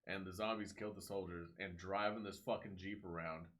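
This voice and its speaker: A man's voice: deep voice, a little fast. A young man co-hosting a podcast, telling a movie story in casual chat, swearing freely and acting out the characters' lines. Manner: animated storyteller, swears a lot, acts out voices. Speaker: podcast co-host.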